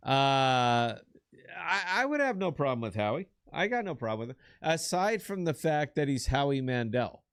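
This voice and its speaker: A man co-hosting a casual podcast, talking in a blunt, rambling way with plenty of swearing. His voice sits at an ordinary middle pitch, and the sound is dry and close with no room echo. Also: very animated, normal speed, a bit bright, clear, resonant tone. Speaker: podcast co-host. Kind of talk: casual chat.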